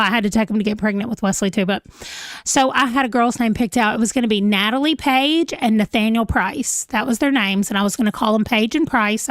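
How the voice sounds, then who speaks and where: A woman's voice: fairly high pitch, no room sound, studio quality. A woman, chatting casually on a livestream at home, giggling as she reacts to viewer comments. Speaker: livestream host. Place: home room, holding a pet.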